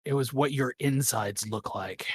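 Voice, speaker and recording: A man voicing a fanged male captive creature that taunts slowly and menacingly. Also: medium pitch, slightly rough. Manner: slow, gloating menace.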